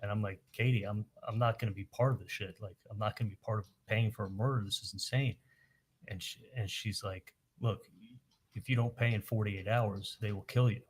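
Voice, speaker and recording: A man on the witness stand, recounting events haltingly and quoting the dialogue in detail. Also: on the low side, fairly even intonation, slightly rough. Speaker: witness testifying at a trial. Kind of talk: courtroom testimony.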